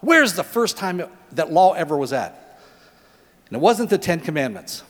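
A middle-aged man preaching a sermon in a lively, conversational way, asking his listeners questions. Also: a little high, moderate pace, long reverb tail. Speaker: pastor.

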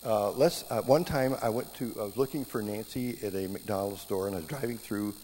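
A middle-aged man preaching a sermon, telling stories in a lively way and jumping up in pitch when he acts out scenes. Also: a little fast. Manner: animated storytelling, voice jumping up in reenactments. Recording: hall reverb with faint background hum.

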